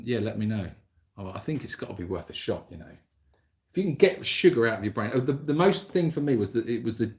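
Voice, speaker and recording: A man hosting a casual livestream Q&A, rambling and self-deprecating as he answers viewer comments into his mobile phone. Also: fairly low pitch. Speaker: animal sanctuary host answering viewer comments.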